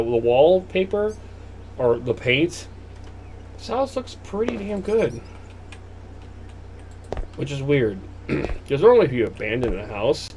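A man's voice: a little high, a little mellow, slight background noise. A young man hosting a horror game playthrough, joking and rambling animatedly. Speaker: let's play host.

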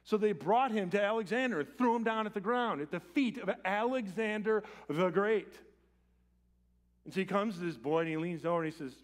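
A man preaching a sermon as pastor in a church, swinging from loud urgent appeals to quiet, intimate lines. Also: sits high, a little fast. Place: church sanctuary.

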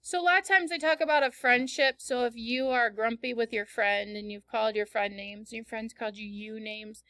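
A woman's voice: on the high side, fairly even intonation, a little fast, bright, forceful tone, no room sound. A woman teacher in a classroom, patiently explaining word meanings with everyday examples during a read-aloud lesson.

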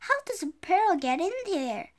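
An eager, curious young storybook girl, read aloud by a woman. The voice sits high and moves slowly, with small slips here and there as the lines are read. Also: animated. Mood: puzzled. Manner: reads with slight stumbles.

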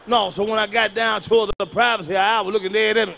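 A man performing live stand-up storytelling, profane and punchy, swinging from muttered asides to sudden yells. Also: high voice, fairly even intonation, quick pace, creaky, few pauses, a little hiss or hum. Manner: loud, profane, punchy delivery that jumps between muttering and yelling. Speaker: stand-up comedian.

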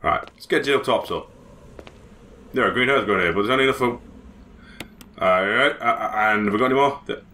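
A man's voice: mid-range voice, brisk, pauses often, sharp tone, slight background noise. A man co-hosting a casual gameplay video, swearing and joking as he plays. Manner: swearing, joking, slips into silly accents. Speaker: let's play co-host.

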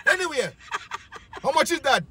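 Guy doing a bragging uncle, high voice all over the place, bossy and cocky. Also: very animated, moderate pace, pushed and bright, full character voice. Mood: scolding. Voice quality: swaggering, scolding, patois-flavored. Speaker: comic character. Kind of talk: comic sketch monologue.

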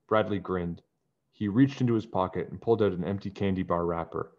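A man reading a children's book aloud in a calm, even narrating voice. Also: sits low, brisk. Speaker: storybook reader. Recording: dull lo-fi recording.

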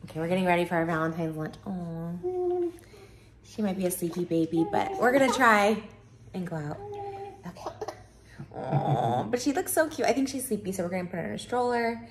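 A woman's voice: fairly low pitch, lively intonation, fairly quick, background noise. A woman filming a family vlog, gushing and giggling in baby talk to her infant. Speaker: vlogger parent. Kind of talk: casual family vlog chat.

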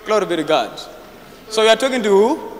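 A man preaching a deliverance sermon, forceful and repetitive, breaking into shouts. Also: sits high, expressive, a little fast. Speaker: prophet preaching. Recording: echoey hall with faint noise.

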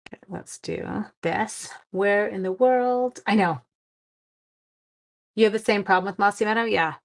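A woman's voice: medium pitch, measured pace, gravelly. A middle-aged woman chatting to viewers during a casual live-stream card-making demo, with silly sound effects.

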